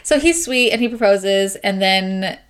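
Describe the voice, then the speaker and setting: Excitable woman retelling a novel. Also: mid-range voice, measured pace, clear, resonant tone. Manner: excited retelling, acting out lines. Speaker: podcast co-host. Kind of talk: casual book chat.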